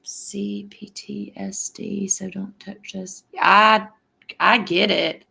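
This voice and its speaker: Middle-aged woman, livestream host, unhurried delivery with a flat melody, affectionate toward her viewers. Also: mid-range voice, creaky, husky. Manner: affectionate, answers chat comments by name. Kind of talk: casual livestream chat with viewers.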